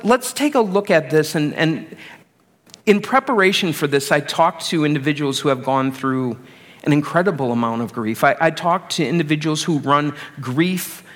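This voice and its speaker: A middle-aged man preaching a sermon as pastor, conversational and self-deprecating. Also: on the high side.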